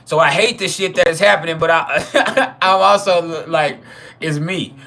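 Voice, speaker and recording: Bright-voiced man telling a profane story. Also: on the high side, measured pace, gravelly. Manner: profane, chuckling, trailing restarts. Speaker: channel host. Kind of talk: casual storytelling monologue.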